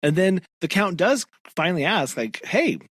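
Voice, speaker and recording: A man's voice: high voice, normal speed, dry recording, clean studio sound. A man co-hosting a casual book discussion, chiming in with short agreements and picking up the thread. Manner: lively, chimes in with short agreements. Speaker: podcast co-host.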